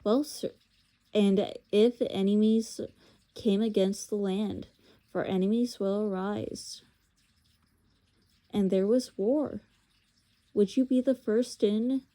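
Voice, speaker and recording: A woman voicing a wise, noble lion who speaks gravely and formally. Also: mid-range voice, slow, long pauses, dark tone, natural voice. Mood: solemn. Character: wise noble lion king, solemn and kind.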